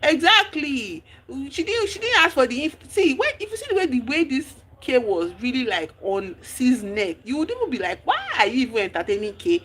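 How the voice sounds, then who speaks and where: A woman's voice: sits high, big pitch swings, normal speed, few pauses, fairly bright tone. A woman streamer, chatting animatedly as she recaps a movie in a casual livestream, sprinkling in slang.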